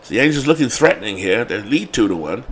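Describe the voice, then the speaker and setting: A man with a London accent doing play-by-play commentary on a replayed baseball game, building to excited calls on big hits. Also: medium pitch, fast talker, slight background noise. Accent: London English. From England.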